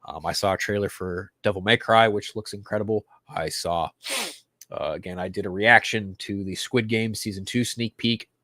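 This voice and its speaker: A man hosting a pop-culture podcast, ranting casually with constant swearing and sudden loud mock-crying outbursts. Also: fairly low pitch, fairly even intonation, moderate pace, no echo. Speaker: podcast host.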